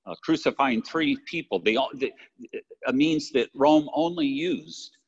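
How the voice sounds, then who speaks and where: A man's voice: medium pitch, measured pace, breathy edge. An older man preaching a sermon from his church, talking conversationally and often asking his listeners "right?". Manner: conversational, warm asides with "right?". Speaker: pastor. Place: church sanctuary. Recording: lo-fi livestream with long church reverb.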